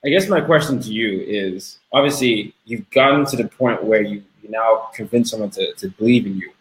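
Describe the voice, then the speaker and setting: A man's voice: on the low side, normal speed, echoey room, low-quality recording. A man hosting a podcast interview, enthusiastic, often repeating words as he restarts his sentences. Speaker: podcast host.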